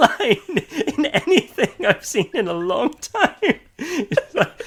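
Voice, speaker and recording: A man's voice: extremely high pitch, sing-song, slow pace, a bit bright, breathy edge. An Irish man co-hosting a podcast, chatting loosely about a film, laughing often and restarting his sentences. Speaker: podcast co-host. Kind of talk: casual film discussion.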